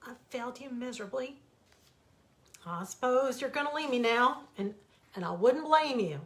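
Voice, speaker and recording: A woman voicing a proud, ashamed father rabbit in a storybook reading, speaking in a stubborn, halting way. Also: fairly high pitch, animated, a bit bright.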